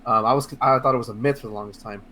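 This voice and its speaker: A man co-hosting a casual video game podcast, talking in a rambling, excitable way with lots of fillers, restarts and swearing. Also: mid-range voice, racing. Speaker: podcast co-host. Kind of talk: casual podcast chat about video games.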